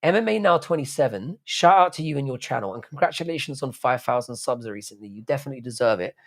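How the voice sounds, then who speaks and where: A man's voice: medium pitch, animated, fast, gravelly. A man with a strained throat hosting a livestream, reading out chat and bantering back in a laddish, sweary way. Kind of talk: casual live stream chat.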